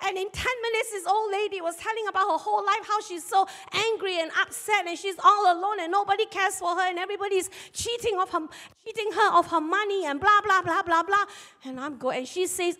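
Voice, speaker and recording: A woman pastor, preaching a sermon and telling personal stories in an animated way. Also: very high voice, a little fast. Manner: animated storyteller, acts out shouted market dialogue. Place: church sanctuary. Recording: long church hall reverb.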